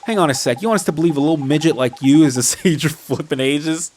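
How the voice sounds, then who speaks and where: A man's voice: fairly high pitch, fast talker, darkish tone, slight background noise, lightly acted. A man reading as a cheeky little fairy sidekick. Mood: indignant. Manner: brash, teasing, full of slang. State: stuffy nose. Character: cheeky pint-sized male fairy sidekick.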